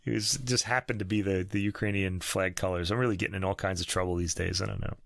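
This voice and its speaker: A man's voice: deep voice, steady tone, fast, gravelly, fairly bright tone, no room sound. A man in his fifties co-hosting a music podcast, chatting casually with lots of restarts and chuckles. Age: 50s. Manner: rambling, self-correcting, chuckling. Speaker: podcast co-host. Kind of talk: casual chat about classical music.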